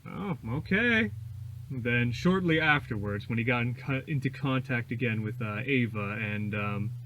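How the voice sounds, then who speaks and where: A man's voice: medium pitch, normal speed, a bit bright, muffled recording, a little hiss or hum. A man chatting about a film, agreeable and a bit hesitant, with lots of fillers. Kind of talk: casual chat about a film.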